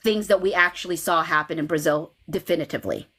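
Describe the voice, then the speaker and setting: A woman hosting a casual fan livestream, talking in an animated way with frequent laughs and restarts. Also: low-pitched, fast. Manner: animated, laughs often, many restarts and okays. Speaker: livestream host.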